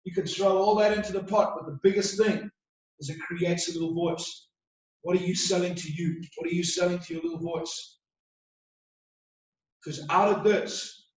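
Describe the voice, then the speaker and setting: Echoey, distant motivational man. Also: a little high. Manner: emphatic, repetitive rhetorical questions. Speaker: motivational speaker. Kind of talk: motivational talk.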